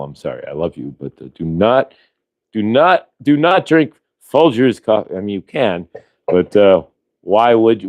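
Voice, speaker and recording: A man's voice: on the low side, a little mellow, no echo. A male show host from Ohio chatting casually, rambling through tangents with frequent restarts. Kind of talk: casual chat.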